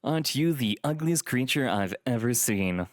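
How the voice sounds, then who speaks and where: A man's voice: medium pitch, lively intonation, normal speed, a little mellow, no echo, studio quality, voice pushed up, lightly acted. A man voicing a sly male trickster who speaks in a teasing, mock-polite way. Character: sly smirking male trickster, young adult.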